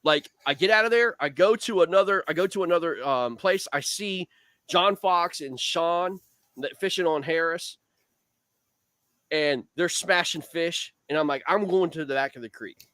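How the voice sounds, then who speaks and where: A man on a video call, the guest angler, spins a long fishing tale in a casual, rambling, animated way loaded with "man" and "dude." His pitch is fairly high, his pace moderate, and there's no echo.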